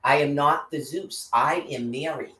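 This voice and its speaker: A woman's voice: sits low, measured pace, a bit bright. A woman in an agitated, profanity-filled angry monologue to camera. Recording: roomy echo.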